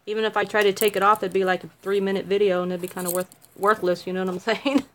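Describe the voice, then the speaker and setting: A woman's voice: mid-range voice, flat delivery, quick pace, a bit bright. Giggly, chatty middle-aged woman. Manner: giggly, chatty and self-mocking. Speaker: craft video maker. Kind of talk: casual livestream chat.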